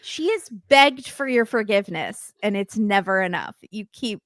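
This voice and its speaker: A woman hosting a casual recap podcast, talking fast and acting out quotes in lively put-on voices. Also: medium pitch, no room sound. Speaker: podcast host recapping reality TV.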